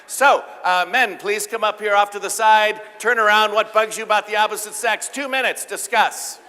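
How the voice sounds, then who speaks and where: A man giving a live keynote talk, playful and joking, getting the audience to shout out answers. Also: high voice, fairly even intonation, moderate pace. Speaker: keynote speaker. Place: large event hall with audience. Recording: live hall with reverb.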